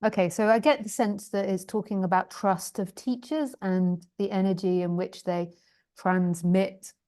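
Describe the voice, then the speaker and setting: A woman spiritual teacher hosting a live stream reads out viewer questions at a measured pace, her mid-range voice steady and a little mellow. She's chatty and self-deprecating, frequently laughing and fumbling long sentences.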